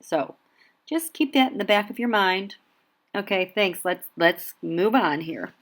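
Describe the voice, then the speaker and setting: Slow-speaking woman reading tarot. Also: mid-range voice, animated. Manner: slow, deliberate delivery broken by fits of giggling. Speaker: tarot reader.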